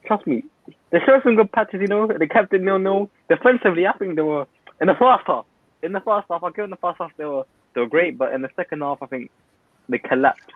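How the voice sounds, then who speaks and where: A young man rants loudly about football, all hot takes and quick asides. His voice sits a little high. It comes through a tinny, dry phone-like line. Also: no room sound. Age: young adult. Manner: loud, ranting, opinionated, quick asides. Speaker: guest pundit. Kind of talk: heated football banter.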